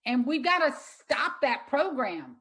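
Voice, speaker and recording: A middle-aged woman, a guest in an interview, telling an emotional story in an earnest, halting way with many restarts. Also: high-pitched, big pitch swings, a bit bright, rough recording. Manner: earnest, halting, repeats words when moved. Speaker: interview guest, sanctuary owner.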